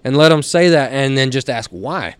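A Texan man telling stories as a guest on a studio podcast, animated and blunt, laughing through his tales and cursing casually. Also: medium pitch, normal speed, clear, resonant tone, no echo. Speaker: guest, helicopter hunting outfitter.

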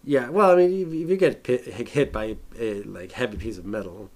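A man in a casual film discussion podcast, animated, acting out scenes in exaggerated voices and laughing often. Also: mid-range voice, normal speed.

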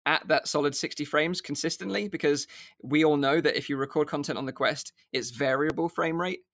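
A man's voice: a little high, a little fast, a bit bright, dry recording. A man hosting a casual podcast about VR news, chatty and filler-heavy. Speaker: podcast host.

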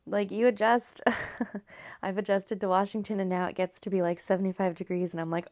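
A casual woman from California rambles through a story recap, dropping in swear words and sliding down into near-whispers. Her voice carries a gravelly fry, and the recording is close and dry, with no room sound. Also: medium pitch, steady tone, normal speed, darkish tone, no room sound. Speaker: video host recapping a story.

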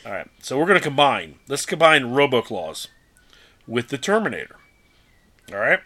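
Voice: mid-range voice, big pitch swings, moderate pace, fairly bright tone. A podcast host in casual chat, teasing a co-host and swearing freely while asking questions.

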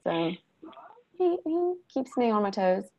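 A woman's voice: mid-range voice, measured pace, dull audio. A woman, chatting casually and telling funny family stories. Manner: chatty storyteller, animated when quoting. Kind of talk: casual chat.

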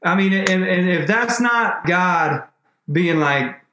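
A man, a podcast guest, telling an emotional faith story in a rambling, animated way with many restarts. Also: high-pitched, takes it slowly, reverberant.

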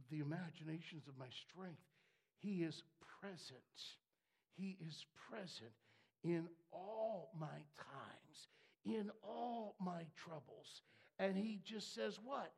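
A man preaching a sermon, dropping to hushed asides and then rising to shouted, fervent declarations. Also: fairly high pitch, lively intonation, slow pace, creaky, husky.

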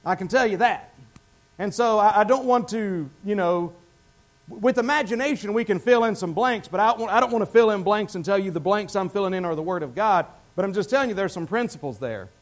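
A man's voice: sits high, brisk. A male pastor preaching a sermon in a church, talking conversationally and asking the congregation questions.

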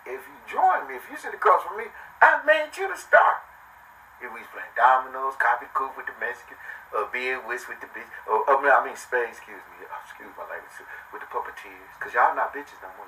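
An older man, a podcast guest, telling boastful stories in a brash, animated way, swearing often and swinging between loud and low. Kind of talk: boastful storytelling in casual chat. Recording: distant mic with faint noise.

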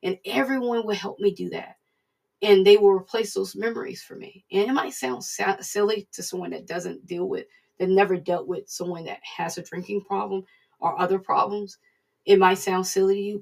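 Casual devotional preacher, raspy and a bit breathy, distant mic, repeats lines for emphasis. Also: medium pitch. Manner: conversational, repeats points for emphasis.

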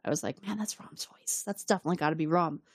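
A woman co-hosting a podcast in casual chat, recapping an episode with lively acted-out lines and frequent laughter. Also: deep voice, fast talker, husky, no echo, studio quality. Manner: animated, acts out characters' lines, laughs often. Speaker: podcast co-host.

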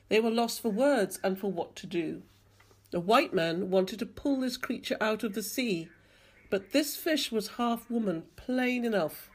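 A woman reading a novel excerpt aloud with expressive narration. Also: medium pitch. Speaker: reader. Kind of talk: audiobook reading.

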